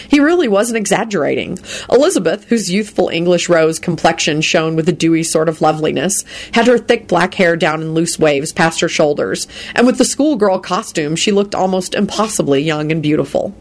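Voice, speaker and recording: Woman reading a story aloud, lowish voice. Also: lively intonation, moderate pace. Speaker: narrator.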